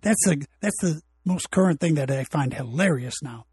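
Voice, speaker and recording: A man hosts his own podcast alone, rambling from one point to the next in a blunt, opinionated way. His voice sits a little high and sounds husky. The recording is dry, with no room sound. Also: expressive, moderate pace, a little mellow, no echo. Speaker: podcast host. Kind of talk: casual solo podcast monologue. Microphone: home recording equipment.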